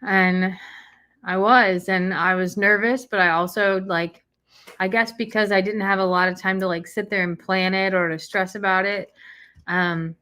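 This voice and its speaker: A woman telling a personal story in casual chat, soft-spoken and hesitant, searching for words. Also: medium pitch, fairly even intonation, a little slow. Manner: soft, hesitant, many fillers and restarts. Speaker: co-host recounting a personal experience.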